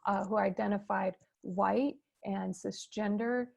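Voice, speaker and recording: A woman moderating a fireside chat over a video call, explaining terms in a measured, teacherly way. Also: mid-range voice, steady tone, gravelly, a little mellow, slightly rough, muffled recording.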